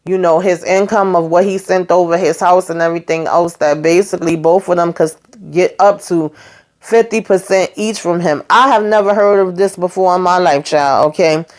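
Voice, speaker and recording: A woman's voice: on the low side, fairly even intonation, fairly quick. A woman hosting a casual TV recap, chatty and slangy, talking straight to her viewers and acting out the characters' lines as she goes. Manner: acts out characters' lines while retelling. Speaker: YouTube host.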